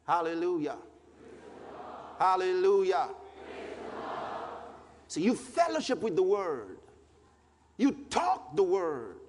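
A very high-pitched man preaches with a lively, swooping voice, slowing down to press each point. He repeats his phrases and bursts into shouted scripture. His voice rings through a large hall with faint noise behind it. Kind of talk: sermon.

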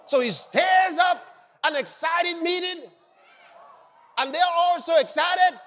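Exuberant shouting preacher in a reverberant hall. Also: male voice, extremely high pitch, a little slow, some chatter behind. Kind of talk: sermon.

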